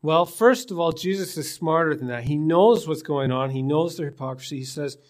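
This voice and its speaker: Speaking at normal speed in a voice on the high side, a man preaches a conversational sermon and asks his congregation rhetorical questions. He is a pastor from British Columbia, Canada, at a church in Newfoundland.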